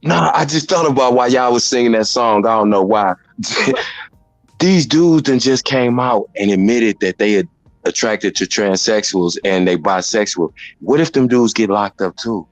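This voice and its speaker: A man's voice: fairly low pitch, lively intonation, a little slow, dry recording, poor audio. A man hosting a casual commentary chat, blunt and rambling as he explains things at length. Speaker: commentary host.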